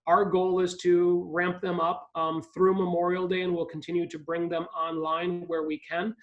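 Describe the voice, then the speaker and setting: Ohio guy on a zoom call, high flat voice, lots of ums, kinda dull audio. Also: moderate pace. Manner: hesitant, many ums and restarts. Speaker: park district CEO, guest speaker. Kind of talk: live video call talk. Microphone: video call.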